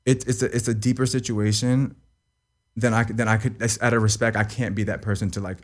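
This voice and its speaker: A young man with a slightly low voice recounts a hard personal story as a guest. He talks in loose, repetitive runs, swears freely and keeps checking in with "you know what I mean.". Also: little pitch movement, a little fast. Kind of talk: emotional personal account in an interview.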